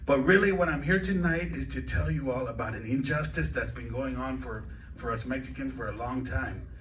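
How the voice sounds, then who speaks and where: A man's voice: mid-range voice, brisk, fairly bright tone, slight background noise. A man doing stand-up comedy at an open mic night, rambling and hesitant with lots of fillers. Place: comedy club stage, indoors. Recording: echoey club room from a distance.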